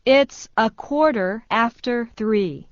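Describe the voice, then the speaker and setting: Slow, clear woman, slightly high, reading English phrases for learners. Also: dry recording. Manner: slow, even repetition of each phrase. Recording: dull dry studio sound.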